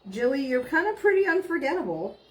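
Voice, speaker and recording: A woman's voice: high voice, very animated, fairly quick. A middle-aged woman, chatting casually on a live stream and reading out viewer comments, bubbly and giggly. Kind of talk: casual chat.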